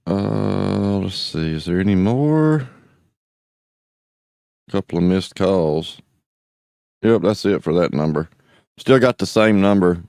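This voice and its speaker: A man's voice: sits low, expressive, slow, creaky, long pauses, a little mellow, no echo, studio quality. A man hosting a show, casually commenting on voicemails in a laid-back, sardonic way. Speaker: host playing back voicemails.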